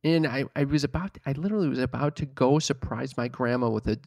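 Fast and creaky, with a medium-pitched, darkish voice and no echo, this man spins an exasperated, profanity-laden story in casual conversation. He quotes others in mocking imitations.

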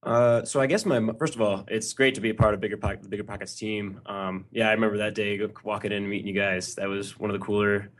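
A man's voice: on the low side, fairly even intonation, fast talker, few pauses, fairly bright tone. A man in his twenties, a podcast guest, answering earnestly in casual chat and rambling a little. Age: 20s.

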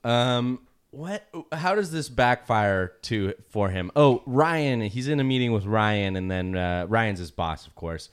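A man co-hosting a podcast in casual chat, laughing often and pausing with fillers. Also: on the low side, expressive, clear, resonant tone. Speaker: podcast co-host.

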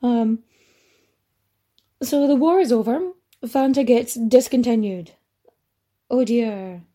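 A woman's voice: fairly high pitch, slow pace, mellow. A woman hosting a history podcast, telling the story in a chatty, rambling way with casual swearing and asides. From Ireland. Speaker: podcast host.

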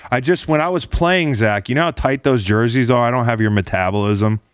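A man's voice: mid-range voice, brisk, clear, resonant tone, dry recording, studio quality. A man, a former football player, hosting a casual podcast chat, joking and teasing his guest with lots of restarts.

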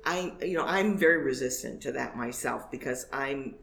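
An American choir singer chatting casually about diction, emphatic and opinionated. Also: male voice, medium pitch, normal speed, gravelly, fairly bright tone, reverberant. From United States. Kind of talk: casual chat.

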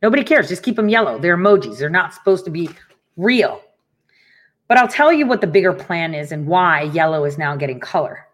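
Animated middle-aged woman ranting to viewers. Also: fairly low pitch, brisk. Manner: animated storytelling, laughs often, swears. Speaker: online show host. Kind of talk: casual ranting monologue.

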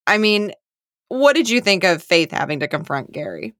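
A woman co-hosting a podcast recap, chatting casually and reacting with expressive emphasis. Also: lowish voice, no echo, clean studio sound. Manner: expressive, quick to react, puts on voices for quotes. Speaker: podcast co-host.

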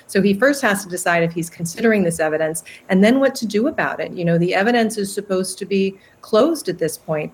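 A woman giving legal analysis in a news interview, measured and explanatory. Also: on the low side.

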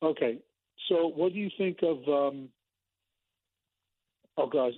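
A man calls in over a tinny, dry phone line. His voice is slightly high, and he speaks politely and a bit haltingly. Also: dry recording. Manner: polite, halting, searches for words. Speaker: caller. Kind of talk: radio call-in question.

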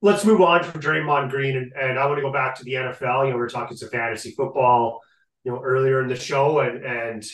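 A man co-hosting a casual sports podcast, ranting in an animated way and often repeating his catchphrase. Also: medium pitch, brisk, recorded from a distance. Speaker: podcast co-host. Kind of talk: casual sports talk rant. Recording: echoey room, off-mic.

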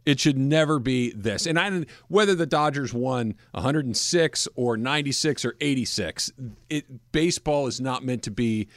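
A man's voice: mid-range voice, moderate pace, no room sound. A man hosting a casual sports talk radio show, talking emphatically into a studio microphone.

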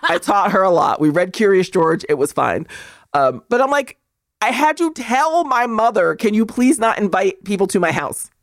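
A woman's voice: mid-range voice, very animated, moderate pace, no echo, clean studio sound. A woman co-hosting a podcast, telling profane, exasperated stories with bursts of laughter. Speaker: podcast co-host. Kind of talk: casual chat.

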